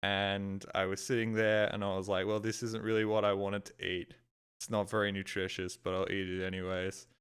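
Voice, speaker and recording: A man's voice: on the low side, flat delivery, normal speed, a bit bright, clear, resonant tone. A young man streaming a game, telling a long rambling story with plenty of swearing. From Australia. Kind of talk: casual storytelling.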